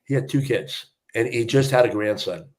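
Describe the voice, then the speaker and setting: An older man tells a story as a podcast guest, slipping into the voices of the people in it. He speaks casually with emotion, and his pitch sits in a middle range. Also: moderate pace, darkish tone. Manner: emotional storyteller, acts out quoted dialogue. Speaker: podcast guest, retired fire battalion chief.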